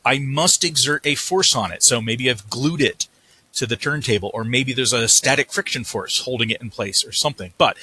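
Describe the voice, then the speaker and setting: A man's voice: medium pitch, pushed and bright, slightly rough. A man giving a recorded physics lecture, working through a problem at the board, thinking aloud and correcting himself as he writes. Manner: thinking aloud, self-correcting while writing.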